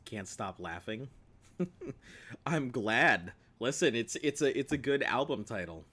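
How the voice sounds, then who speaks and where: This man's mid-range voice is very animated, a bit bright, and has a breathy edge, though his pace stays slow. He's streaming a game, joking around with viewers and laughing a lot as he comments on the play.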